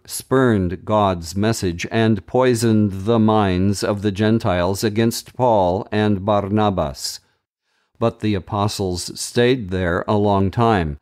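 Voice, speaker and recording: A man hosting a daily Bible reading podcast, reading scripture aloud in a measured, deliberate way with brief commentary. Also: fairly low pitch, darkish tone.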